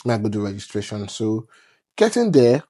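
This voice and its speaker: A man's voice: lowish voice, big pitch swings, fairly quick, dark tone. A young man from Nigeria with a Nigerian accent, talking emphatically on a podcast and mixing Pidgin into his English. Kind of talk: casual podcast chat.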